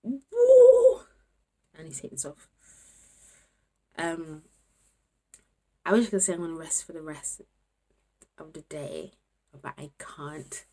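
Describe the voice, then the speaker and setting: Young woman, student vlogger, candid casual chat, lowish voice, trails off into murmurs. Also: unhurried, pauses often, a little mellow. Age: 20s. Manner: chatty, candid, often drops to a murmur. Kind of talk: casual vlog chat to camera.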